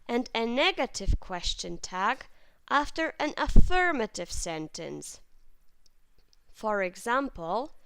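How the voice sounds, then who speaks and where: Lively, patient woman teaching grammar. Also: a little high, no room sound. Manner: clear, patient explaining with lively intonation. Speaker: English teacher. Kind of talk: grammar lesson.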